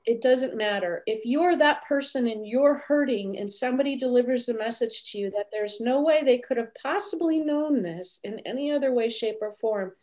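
Woman guest, animated storyteller, slightly high voice, video call. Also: normal speed, few pauses. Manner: animated, acts out quoted voices. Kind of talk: storytelling interview.

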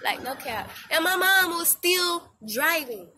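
A woman vlogger telling a story in casual slang, animated and laughing as she talks, recorded outdoors. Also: very high voice, measured pace, a little hiss or hum.

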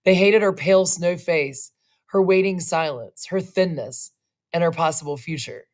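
A woman reading a short story aloud, slow and expressive, now and then adding casual asides. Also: on the low side. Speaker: reader.

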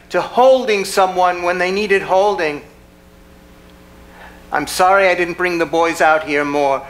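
A grown son, worn down and hurt yet resolute, speaking earnestly and with pain, as a man plays him on stage. His voice sits high and bright. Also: exaggerated voice, low-quality recording. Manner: earnest and pained. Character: grown son, weary and wounded but resolute. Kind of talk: community theater stage acting. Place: theater stage.

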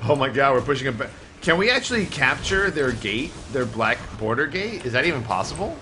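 A man streaming a game live, trash-talking other players with loud, profane, joking outbursts. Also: medium pitch, big pitch swings, fairly quick, background noise. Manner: brash trash talk with loud outbursts and laughter. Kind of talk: profane live gameplay commentary.

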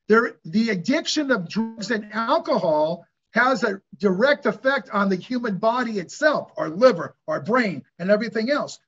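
A middle-aged man talks in a high voice as a guest in an interview. He tells stories earnestly and preaches a little, asking rhetorical questions. The recording sounds dull and lo-fi. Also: fairly bright tone, breathy edge. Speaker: hyperbaric clinic owner, guest. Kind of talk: conversational interview storytelling.

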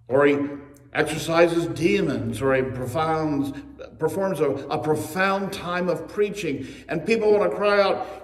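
A man's voice: a little high, normal speed. A man preaching a sermon as pastor, telling the story with humorous asides and acting out the quotes. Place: church sanctuary. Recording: echoey church recorded from a distance.

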